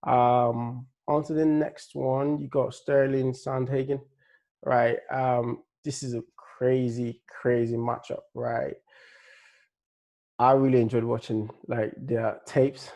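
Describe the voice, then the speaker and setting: In a slow, flat, warm voice of medium pitch, an MMA analyst with a slight Nigerian-tinged accent offers a laid-back, rambling prediction breakdown of upcoming fights, with plenty of fillers and restarts.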